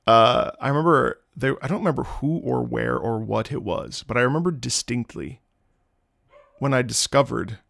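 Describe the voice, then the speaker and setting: A man's voice: mid-range voice, moderate pace, vocal fry, no room sound. A young man telling stories to his chat on a livestream, laughing often and acting out the people he quotes. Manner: animated, laughs often, acts out quoted voices. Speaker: streamer reacting to game music. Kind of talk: casual storytelling on a livestream.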